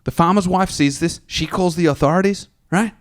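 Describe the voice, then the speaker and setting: A man's voice: sits high, brisk. A man, drunk, rambling through crude jokes and stories on a comedy podcast. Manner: rambling, laughing, acts out voices in stories. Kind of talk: casual crude banter and joke telling.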